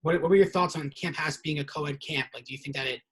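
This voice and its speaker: A young man with a husky, slightly breathy voice, pitched a touch higher than most men, hosting a casual interview. He tells stories with lively energy and acts out the lines he quotes. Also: quick pace, rough recording. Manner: animated storyteller, acts out quotes. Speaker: podcast host.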